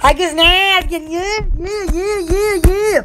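A woman's voice: extremely high pitch, unhurried, very noisy. A woman who runs a small shop, chatting casually on a live stream, giggly and silly, blowing kisses and using many fillers. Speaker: small shop owner promoting her products.

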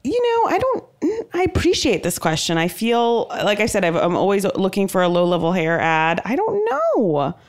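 Lively, self-deprecating woman co-host. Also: fairly low pitch, moderate pace, few pauses. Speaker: podcast co-host. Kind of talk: casual chat.

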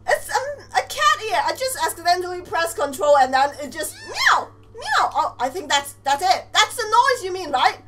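A young woman giving animated let's play commentary, exclaiming and teasing the game characters as she plays. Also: very high voice, moderate pace, hardly any pauses, a little hiss or hum. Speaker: gamer.

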